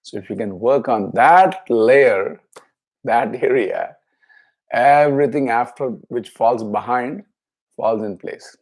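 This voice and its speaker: A man teaching a scripture class, explaining each word slowly and chanting verses twice. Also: medium pitch.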